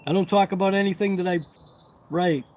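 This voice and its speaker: A man's voice: high-pitched, fairly even intonation, fairly quick, darkish tone, slight background noise. A man hosting a casual hobby livestream, chatting to viewers in a rambling, talkative, self-deprecating way. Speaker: RC hobby channel host.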